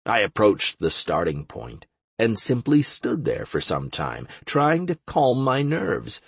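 Husky guy reading a first-person audiobook, slow and wry, lively pitch, dry sound. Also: no room sound. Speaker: audiobook narrator. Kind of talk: first-person fiction narration.

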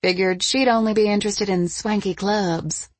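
A woman's voice: mid-range voice, fairly even intonation, normal speed, no echo, lightly acted. A woman reading a storybook, voicing a feisty, defensive young woman who speaks with a spirited manner.

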